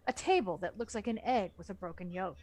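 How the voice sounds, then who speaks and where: A woman's voice: mid-range voice, fairly quick. A woman reading a horror novel aloud for a book club, narrating expressively. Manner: expressive narration with lively swings.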